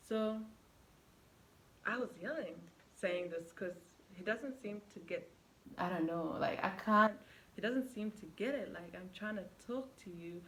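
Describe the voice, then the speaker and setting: A woman's voice: mid-range voice, measured pace, a little hiss or hum, low-quality recording. A young woman vlogger retelling a past relationship as a casual story, acting out quoted lines with lots of fillers. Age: young adult. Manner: animated retelling with quoted dialogue, many fillers. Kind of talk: storytime vlog.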